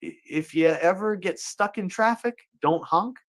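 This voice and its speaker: Guy doing a goofy rant monologue, kinda high voice, keeps slipping into silly folksy voices. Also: unhurried, a bit bright. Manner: jokey, playful asides and put-on folksy voices. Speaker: host. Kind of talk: comedic monologue.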